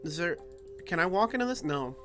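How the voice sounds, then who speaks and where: A playful co-host chats over a game, giggling and trailing off mid-thought. The voice swoops around a lot in pitch, with faint music playing behind. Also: big pitch swings, brisk. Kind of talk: casual co-op game chat.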